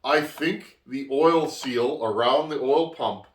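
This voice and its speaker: A man's voice: mid-range voice, slow, distant mic, noisy background. Rambling man opening mail in echoey workshop. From Canada. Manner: rambling, restarts, addresses viewers as friends. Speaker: chainsaw channel host. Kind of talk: casual vlog, opening mail.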